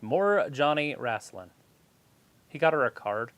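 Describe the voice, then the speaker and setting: A man's voice: mid-range voice, very animated, measured pace, fairly bright tone. A man co-hosting a live stream, chatting casually and cracking dry jokes. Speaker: stream co-host.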